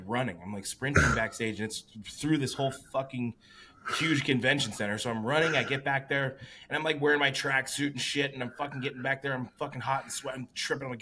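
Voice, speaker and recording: A man and competing bodybuilder, co-hosting a casual podcast, telling stories with lots of swearing and animated quoting of others. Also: medium pitch, noisy background. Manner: profane, animated storytelling.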